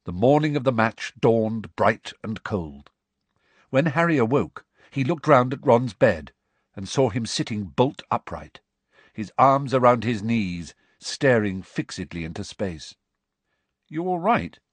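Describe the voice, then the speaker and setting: A man's voice: medium pitch, unhurried, dry recording. A man narrating an audiobook expressively, acting out every character. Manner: animated, acts out the dialogue.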